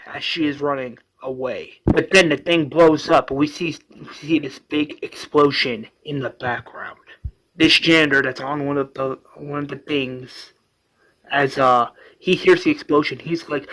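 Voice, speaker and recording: Casual man retelling a story, bright-voiced. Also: fairly high pitch, fairly even intonation, measured pace, rough recording. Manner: rambling, with many fillers. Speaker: fan storyteller.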